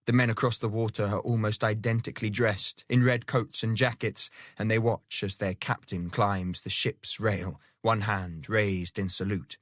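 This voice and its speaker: A man with a low, grounded voice narrates a historical novel in a measured storytelling manner. His reading is dry and close to the microphone, with no room around it. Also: dry recording. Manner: steady storytelling, lifts pitch for quoted characters. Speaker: audiobook narrator. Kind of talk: scripted narration.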